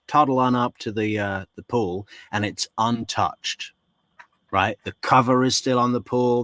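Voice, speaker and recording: A man's voice: mid-range voice, fairly bright tone, no echo. Guy doing true crime commentary, sarcastic, storytelling vibe, dead dry audio. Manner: sarcastic, storytelling, rhetorical questions. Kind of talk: casual commentary.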